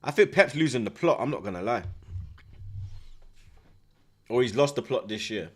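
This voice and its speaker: Man, football watchalong host, excitable slang-heavy banter, lively swooping pitch. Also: moderate pace, breathy edge. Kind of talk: live match watchalong commentary.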